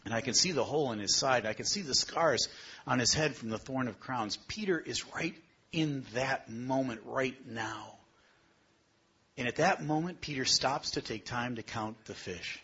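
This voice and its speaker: A man's voice: mid-range voice, normal speed, bright, forceful tone, breathy edge, lo-fi sound. A middle-aged man preaching a sermon, telling stories in a conversational way and asking the listeners questions. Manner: storytelling, conversational with rhetorical questions.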